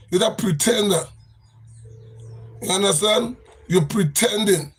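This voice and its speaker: A Grenadian man hosting a livestream, delivering a fiery political rant. His voice sits high and sounds husky. He keeps circling back to the same phrases in a lilting, sing-song cadence. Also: normal speed. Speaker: livestream host.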